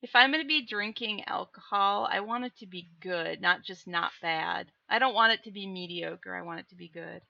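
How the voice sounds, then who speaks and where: A woman's voice: mid-range voice, creaky, pushed and bright, no room sound, muffled recording. A woman with a Minnesotan accent, chatting casually on a live stream, reading chat messages aloud in a playful, teasing way. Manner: playful, teasing, drawn-out delivery.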